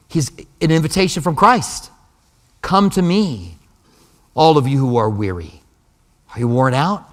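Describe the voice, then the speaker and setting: A man delivering an earnest sermon, reading scripture and retelling stories with dramatic pauses and rising emphasis. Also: on the high side, in a large hall. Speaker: pastor.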